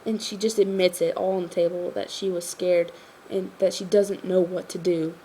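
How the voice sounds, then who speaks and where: A woman's voice: fairly low pitch, flat delivery, normal speed, mellow, a little hiss or hum. A tired woman talking through an episode review in a casual, rambling way, filling her sentences with "like" and "you know".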